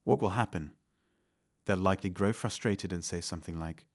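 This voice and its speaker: A man giving calm, measured self-help advice in scripted narration. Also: sits low, no room sound, clean studio sound. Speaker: channel narrator.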